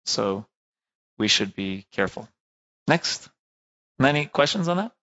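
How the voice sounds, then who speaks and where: A man's voice: mid-range voice, sing-song, unhurried, bright, forceful tone, highs cut off. A man giving a casual classroom lecture, talking conversationally, often checking in with "right?" and stopping to rephrase.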